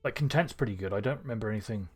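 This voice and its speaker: A man streaming a strategy game live, thinking aloud with excitable bursts. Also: fairly low pitch, rapid-fire, slightly rough.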